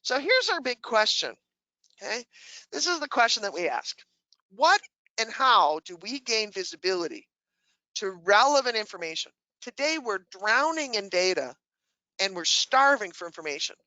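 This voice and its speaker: A woman's voice: mid-range voice, sing-song, moderate pace, sharp tone, dry recording, low-quality recording. A woman giving a webinar presentation who asks the audience questions and answers them herself, with dry humor.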